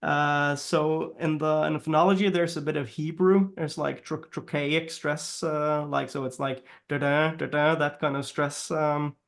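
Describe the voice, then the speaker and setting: A man with a fairly high voice talks in a relaxed interview over a video call. He rambles, restarts his sentences and laughs often as he explains things. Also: a little slow, gravelly, few pauses. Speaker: guest, language consultant. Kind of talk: casual interview chat.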